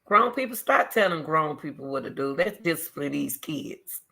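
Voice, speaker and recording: Bright-voiced emphatic middle-aged woman. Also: low-pitched, lively intonation, moderate pace, gravelly, slightly rough. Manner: emphatic, repeats herself, talks straight to the viewers; loud teacherly delivery. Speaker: YouTuber. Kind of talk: casual commentary with scripture reading.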